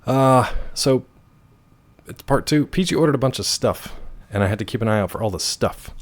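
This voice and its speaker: A male game streamer casually telling a story to his chat, animated and laughing often. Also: mid-range voice, moderate pace. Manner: animated, laughs often, swings loud and quiet.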